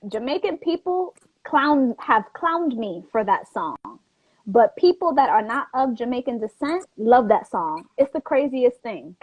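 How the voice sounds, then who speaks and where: Lively, higher-voiced woman hosting a chat. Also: a little slow, breathy edge, no echo, low-quality recording. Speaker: talk show host. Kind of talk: casual chat.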